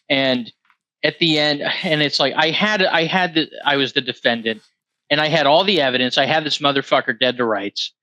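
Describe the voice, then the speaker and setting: A man's voice: medium pitch, bright, forceful tone, no echo, dull audio. A man co-hosting a podcast, telling a rambling, profane story in casual chat. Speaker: podcast co-host.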